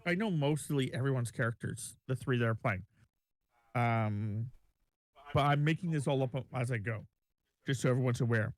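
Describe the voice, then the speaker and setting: A man narrating a tabletop game as game master, making it up as he goes, halting and restarting. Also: medium pitch.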